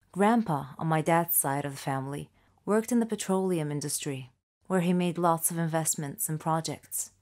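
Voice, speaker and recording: A woman's voice: lowish voice, darkish tone. A young woman narrating her own story in an earnest storytelling manner. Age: young adult. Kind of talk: scripted first-person narration.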